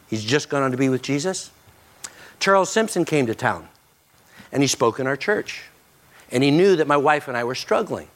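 A middle-aged man and pastor giving an earnest sermon, often dropping soft and slow for emphasis. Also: medium pitch.

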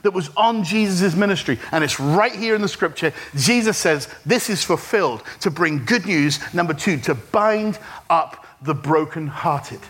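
Middle-aged male pastor, high-pitched voice, lively sermon delivery with jokes and call-and-response. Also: normal speed, few pauses, breathy edge. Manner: animated preaching with humor and audience call-and-response. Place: church service.

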